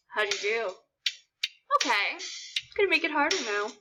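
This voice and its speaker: A woman's voice: fairly high pitch, sing-song, moderate pace, pauses often, pushed and bright, slight background noise. A young woman teaching a children's music lesson in an upbeat, encouraging way. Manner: upbeat, encouraging, sing-song counting to a beat.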